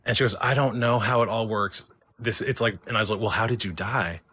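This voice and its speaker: A man's voice: fairly low pitch, fairly quick, sharp tone, slightly rough. A man casually telling a true ghost encounter as a caller on a live stream, rambling with many fillers and quoting the conversations himself. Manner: rambling, heavy with fillers and restarts, quotes himself and others. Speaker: caller sharing a paranormal experience. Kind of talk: casual spoken storytelling. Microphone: phone or stream mic.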